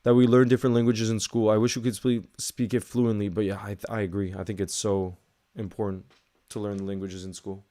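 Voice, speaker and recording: A man's voice: fairly low pitch, little pitch movement, fairly quick, few pauses, dark tone. A man with a Northern Irish accent chatting casually through a live match watchalong, greeting viewers and answering their questions.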